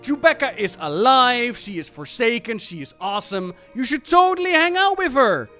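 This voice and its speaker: A man voicing an eager, cheerful young male paladin who talks in a bright, breezy, oblivious way. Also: extremely high pitch, big pitch swings, normal speed, faint music behind, voice pushed up, full character voice. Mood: cheery.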